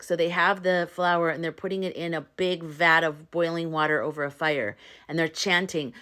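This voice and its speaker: A woman's voice: lowish voice, fairly even intonation, moderate pace, few pauses, fairly bright tone, smooth. A woman retelling a story and urging her viewers, chatty and earnest, with loose restarts and fillers. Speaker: spiritual vlogger. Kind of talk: casual retelling and pep talk to viewers.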